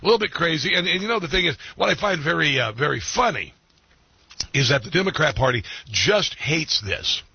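A man's voice: a little high, expressive, a little fast, vocal fry, breathy edge, no echo. A man hosting a political talk radio show, rambling with many fillers and restarts. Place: Washington, D.C. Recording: dull lo-fi radio sound.

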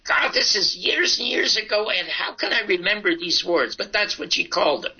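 A man's voice: high voice, moderate pace, slightly rough, highs cut off. An older man telling stories in an interview, acting out the dialogue in his anecdotes. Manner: animated, acts out dialogue in his story. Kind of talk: anecdotal storytelling.

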